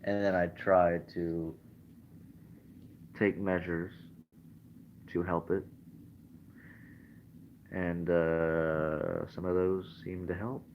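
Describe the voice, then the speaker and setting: A man's voice: deep voice, little pitch movement, drawn-out words, pauses often, dull audio, slight background noise. A young man rambling casually with lots of fillers, livestreaming from his bed. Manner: meandering, many fillers. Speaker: vlogger. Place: in bed at home.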